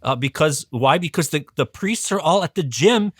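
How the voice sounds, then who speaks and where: A man, a guest educator, telling a history story on a podcast in a casual, animated way, chuckling often and restarting his sentences. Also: a little high, normal speed, slightly rough, dry recording, clean studio sound.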